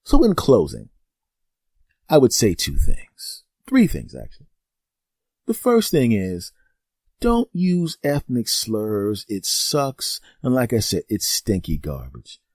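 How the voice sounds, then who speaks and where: A man riffs through a solo podcast monologue, his voice leaping high and dropping low as he plays himself and his friend. The tone is mellow and dark, recorded dry and close with no room sound. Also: slow pace, no echo. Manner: animated storytelling, acting out both sides of conversations; profane, teasing. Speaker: podcast host.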